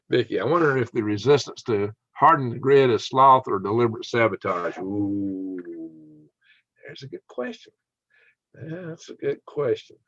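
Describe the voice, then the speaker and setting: A low-voiced man with a Southern twang hosts a livestream, chatting fast and jokily as he reads viewer comments and often breaks into laughter. The stream audio is dry, close, and dull lo-fi, with no echo.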